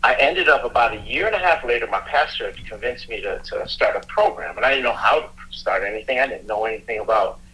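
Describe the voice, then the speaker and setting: A middle-aged man, a police officer, telling a personal story in a halting, earnest way, often restarting his sentences. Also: mid-range voice, lively intonation, pushed and bright, rough recording. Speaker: police officer and youth mentor, guest.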